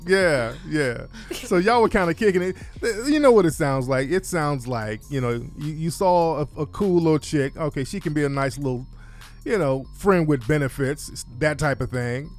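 A man hosts a casual advice chat, brash and joking, and he laughs often as he talks. His voice sits slightly higher than most men's. Faint music plays underneath. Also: animated, moderate pace. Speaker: advice show host.

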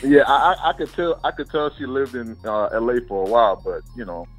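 A man's voice: mid-range voice, expressive, a little fast, faint music behind, poor audio. A man from the Virgin Islands calling into a talk show, stumbling over and repeating his words in a laid-back way. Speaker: caller. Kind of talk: phone-in chat.

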